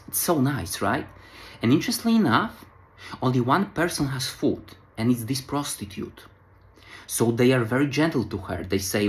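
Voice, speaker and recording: A man's voice: on the low side, fairly bright tone. A young man in a vlog, casually talking through a classic novel with loose phrasing, filler words and restarts. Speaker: vlogger reviewing a classic novel. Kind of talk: casual spoken book analysis.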